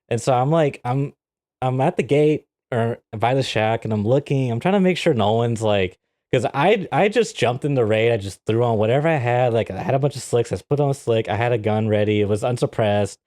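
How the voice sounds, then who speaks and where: A man's voice: medium pitch, normal speed, dry recording, studio quality. A man co-hosting a podcast, telling a story in casual chat, often laughing and acting out what people said. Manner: animated, laughs often, acts out quotes. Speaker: podcast co-host.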